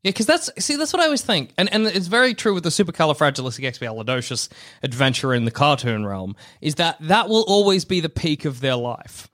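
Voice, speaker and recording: Lively, laughing young man. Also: fairly high pitch, brisk. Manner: playful, laughs often, breaks into silly voices. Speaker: podcast co-host. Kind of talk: casual comedic chat.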